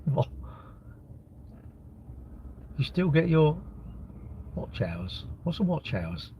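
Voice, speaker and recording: A man's voice: a little high, very animated, drawn-out words, highs cut off, a little hiss or hum. A man chatting casually on a live stream, reading viewers' comments aloud and mocking trolls bluntly.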